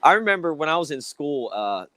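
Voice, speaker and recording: A man in his thirties hosts an interview over a remote call, his voice lively and swooping up and down. He tells stories with gusto and breaks into laughter often. His voice is a touch high for a man, recorded dry and close. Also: brisk, no room sound. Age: 30s. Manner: animated storyteller, laughs often. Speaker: interview host. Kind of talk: casual video-call interview.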